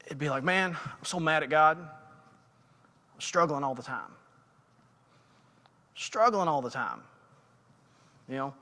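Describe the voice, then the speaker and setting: A man's voice: on the high side, bright, forceful tone. A middle-aged man giving a casual, self-deprecating sermon in a church, telling stories with lots of fillers. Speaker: lay preacher. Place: church sanctuary. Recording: church livestream with long hall reverb.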